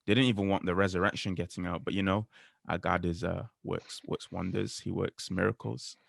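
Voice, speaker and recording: A man co-hosting a podcast, talking earnestly and quoting scripture in a measured way. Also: low-pitched, steady tone, gravelly, no echo, studio quality. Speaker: podcast co-host. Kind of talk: casual faith discussion.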